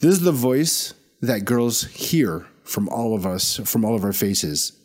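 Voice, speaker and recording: A man hosting a casual comedy chat, lively and directing the others. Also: fairly low pitch, unhurried. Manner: lively, bossy, sets up bits.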